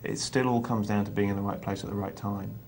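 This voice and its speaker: A man's voice: fairly low pitch, little pitch movement, quick pace, a little mellow, slight background noise. A man co-hosting a live poker show, explaining ideas thoughtfully with occasional restarts. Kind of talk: live on-air poker talk.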